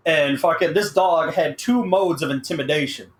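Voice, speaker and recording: A man's voice: on the high side, moderate pace. Rambling, swearing young man in an echoey room. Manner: rambling, laughing, heavy swearing. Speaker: podcast co-host. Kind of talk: casual chat. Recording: echoey room with faint background noise.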